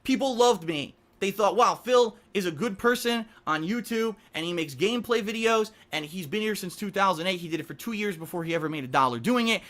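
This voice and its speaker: A man's voice: high-pitched, animated, fairly quick, hardly any pauses, a bit bright. A man giving an emotional, indignant speech to camera as a content creator, repeating himself for emphasis.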